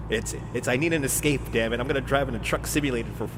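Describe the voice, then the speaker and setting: A man's voice: medium pitch, very fast, hardly any pauses, background noise. A man in his forties chatting casually on a live stream while he drives in a truck simulator, laughing often and answering his chat. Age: 40s. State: drinking beer while streaming.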